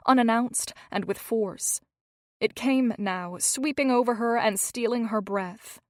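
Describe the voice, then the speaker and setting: A woman narrating a historical romance audiobook in a measured, expressive reading. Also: a little high, no echo, clean studio sound. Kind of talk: scripted narration.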